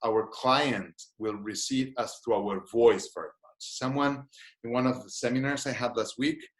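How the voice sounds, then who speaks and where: A man's voice: mid-range voice, normal speed. A man who is a therapist, giving an online seminar. He explains things thoughtfully and invites listeners to try short exercises. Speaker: gestalt therapist teaching a seminar. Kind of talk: online webinar lecture. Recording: roomy echo.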